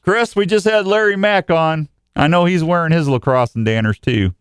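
A man's voice: a little high, moderate pace, clean tone, no room sound, clean studio sound. A man hosting a live outdoors radio show, rambling and joking with listeners and his producer. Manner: rambling, jokey, chatty. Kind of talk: casual live radio chat.

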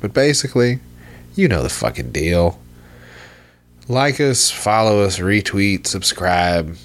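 A man's voice: sits low, expressive, slow. A man hosting a podcast, chatting casually in a rambling, profane, laid-back way. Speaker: podcast host.

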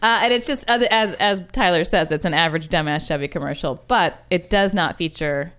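Smooth-voiced wry female podcast host. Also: fairly low pitch, a little fast, fairly bright tone. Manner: wry, chatty, self-deprecating. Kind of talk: casual chat.

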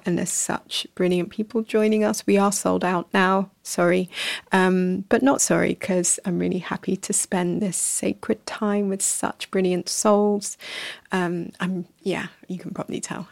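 A woman hosting a reflective podcast, speaking softly and slowly, dropping to a whisper at times and laughing at herself. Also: lowish voice, gravelly, no echo. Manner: soft and slow, sometimes whispering, laughs at herself. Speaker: podcast host. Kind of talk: gentle reflective podcast talk.

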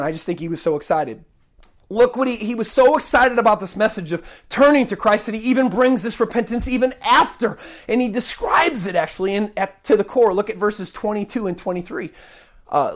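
A male pastor preaching a sermon, swinging between loud bursts and quiet asides. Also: high voice, lively intonation, moderate pace.

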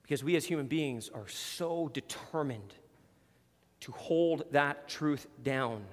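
A man's voice: on the high side, slow, long reverb tail. A man preaching a sermon as pastor, emphatic and repeating words for stress.

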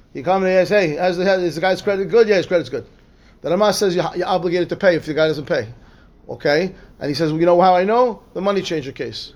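Rabbi guy teaching talmud, high voice, reads hebrew then explains, lots of "right?". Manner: repeats words and restarts, asks "right?" often. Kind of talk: lively Torah class, reading Hebrew text and explaining.

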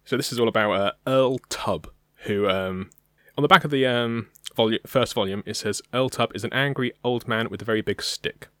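A man's voice: mid-range voice, normal speed, sharp tone, no room sound, clean studio sound. A young British man co-hosting a podcast, talking casually and hesitantly, with many ums. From Britain. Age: young adult. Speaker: podcast co-host. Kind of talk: casual chat.

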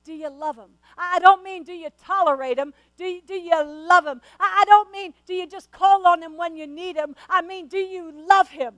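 A woman's voice: very high-pitched, normal speed, few pauses, a bit bright, no room sound, rough recording. A woman preacher delivering a sermon, earnest and questioning, often stammering as she restarts her words.

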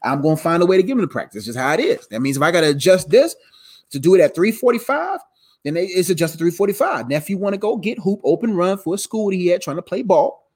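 A man with a high, lively voice teaches scripture on a live stream, loose and slangy, circling back over his own words. He sounds tired but keeps the talk animated, with the pitch swinging up and down. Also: fast talker, husky. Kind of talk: casual live Bible teaching.

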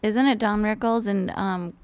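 A woman hosting a casual podcast chat, playfully blunt and quick to laugh. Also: mid-range voice, steady tone, darkish tone, smooth, no room sound. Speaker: podcast host.

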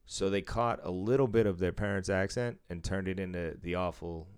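A man's voice: low voice, fairly quick, darkish tone, clean tone. A man from Massachusetts with a Boston accent, chatting casually, swearing freely and laughing often. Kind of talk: casual chat.

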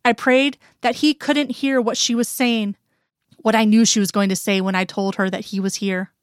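A woman's voice: fairly high pitch, steady tone, moderate pace, clean tone, no echo, clean studio sound. A woman reading a first-person story aloud in an earnest, intimate storytelling voice. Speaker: reader.

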